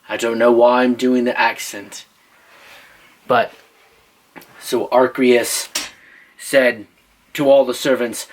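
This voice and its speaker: A man's voice: mid-range voice, steady tone, slow, pauses often, rough recording. A father telling an improvised choose-your-path story, playful and teasing, asking his listeners for choices.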